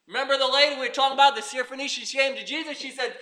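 A man's voice: very high-pitched, racing, sharp tone. A man preaching a sermon as pastor, emphatic and repeating his points.

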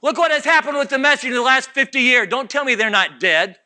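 A man preaching a sermon as pastor, swinging from low mutters to loud shouts. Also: animated, fast talker.

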